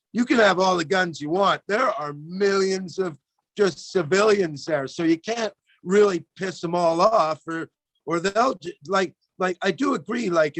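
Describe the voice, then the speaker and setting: A man's voice: high-pitched, a bit bright, no echo. A man co-hosting a call-in show, chatting loosely and comically, swearing and laughing as he goes. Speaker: comedian co-host. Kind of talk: casual comedic chat.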